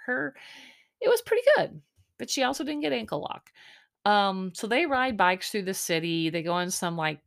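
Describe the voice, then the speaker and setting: A woman's voice: fairly low pitch, creaky. Chatty, sarcastic woman recapping. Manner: chatty, sarcastic, lots of fillers. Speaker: show recap host. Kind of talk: casual recap monologue.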